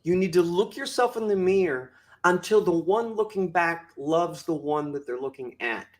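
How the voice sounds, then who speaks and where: Emphatic high-voiced motivational speaker man. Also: lively intonation, moderate pace. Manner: preachy, emphatic, acts out quotes with big swings in pitch and volume. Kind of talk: animated podcast conversation.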